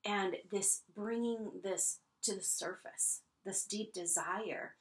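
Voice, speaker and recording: A woman's voice: mid-range voice, slow, low-quality recording. A woman giving an astrology forecast, speaking earnestly and unhurriedly, with some fillers and restarts.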